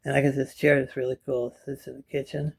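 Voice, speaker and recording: Here the vlogger speaks fast in a mid-range voice that barely moves in pitch and sounds gravelly and slightly rough. He's a middle-aged man missing some teeth, seated on a kitchen chair and rambling chattily to the camera in front of him for a home vlog. His talk drifts into side remarks and often fades to a mumble.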